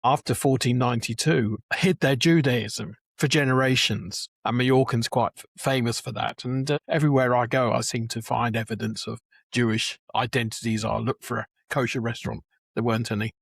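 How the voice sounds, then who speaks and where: A man's voice: medium pitch, fairly even intonation, a little fast, creaky, breathy edge, dry recording, clean studio sound. A man in his seventies, a Jewish educator, chatting as a guest and telling stories with restarts and chuckles. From England. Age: 70s. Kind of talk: conversational interview.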